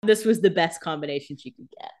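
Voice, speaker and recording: A woman's voice: lowish voice, quick pace, a little mellow. A young woman co-hosting a casual chat, adding joking asides about the characters. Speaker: podcast co-host.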